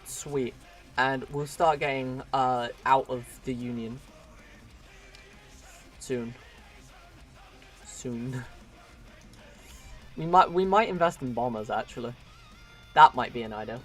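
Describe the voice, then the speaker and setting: A man's voice: medium pitch, takes it slowly, pauses often, a bit bright, soft background music. A man giving casual, chatty commentary while live streaming a strategy game, laughing often and talking to his viewers.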